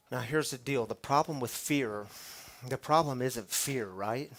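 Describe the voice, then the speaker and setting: A man preaching to a live audience, conversational, dropping from loud bursts to near whispers. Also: medium pitch, normal speed. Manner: dramatic shifts from loud to hushed; conversational, calls the audience y'all. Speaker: pastor. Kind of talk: sermon.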